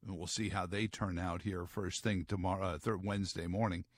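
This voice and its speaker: Lowish-voiced man rambling on morning radio. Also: fairly even intonation, a little fast, no echo. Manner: rambling, wry asides with many fillers. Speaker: radio talk show host. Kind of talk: morning radio talk and news rundown.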